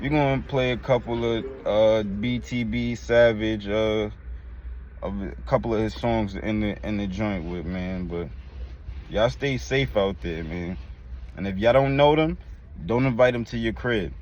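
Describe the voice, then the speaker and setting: A man's voice: on the low side, a little mellow, slight background noise. Blunt New York man reacting, lo-fi. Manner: blunt street talk, drawn-out, trailing off. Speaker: reaction video host. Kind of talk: casual commentary. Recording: dull lo-fi sound.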